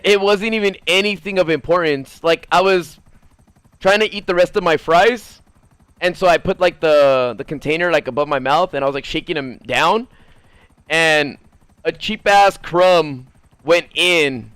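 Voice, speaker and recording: A man streaming a video game, chatting casually with his viewers in a low, mumbly voice and swearing now and then. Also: moderate pace, a bit bright, clear, resonant tone, no room sound. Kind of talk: casual gaming stream chat.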